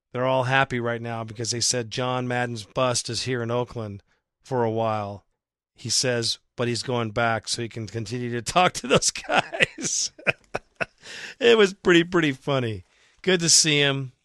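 A man hosts a fan podcast in a casual, rambling monologue, excitable and quick to swear. His voice is bright and forceful but going hoarse. The sound is dry and close, with no room around it. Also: mid-range voice, dry recording. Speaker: podcast host.

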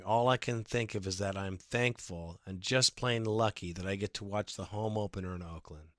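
A man's voice: mid-range voice, sharp tone, clean tone, no echo, clean studio sound. A man hosting a casual sports fan podcast, reading listener comments aloud with sarcastic asides. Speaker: podcast host.

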